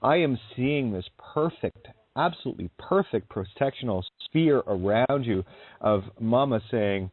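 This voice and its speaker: A man's voice: medium pitch, animated, a little slow, dry recording. Male radio host, earnest and effusive, tinny phone-like sound, dry. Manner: earnest, effusive, spiritual talk. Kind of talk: casual radio chat.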